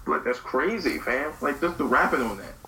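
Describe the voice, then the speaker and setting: Bright-voiced man in an echoey room. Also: mid-range voice, big pitch swings, normal speed. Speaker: podcast co-host. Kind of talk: casual hip-hop talk. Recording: roomy echo, faint background hiss.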